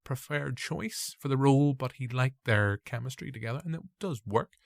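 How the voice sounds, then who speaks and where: This podcast host, a man with a Northern Irish accent, casually reviews films in a mid-range, gravelly voice that sounds a bit nasal and congested. He talks at a normal speed, and the recording is dry with clean studio sound.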